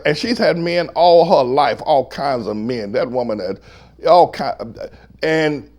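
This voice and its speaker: A man preaching a sermon as pastor, shifting from quiet storytelling to sudden shouts. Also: on the high side, animated, measured pace, long reverb tail.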